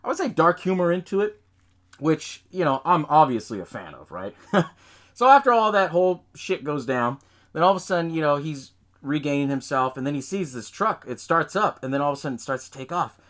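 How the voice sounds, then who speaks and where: A man's voice: on the high side, big pitch swings, brisk, fairly bright tone. A man hosting a podcast, recapping a film in loose casual chat, swearing often, laughing and acting out lines from scenes. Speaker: podcast host.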